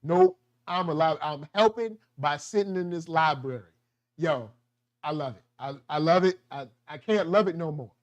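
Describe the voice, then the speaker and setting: A man giving a casual, slangy review of a TV show, animated and quick to act out the characters' lines. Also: fairly high pitch. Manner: slangy, animated, acts out quotes. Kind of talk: casual solo TV review talk.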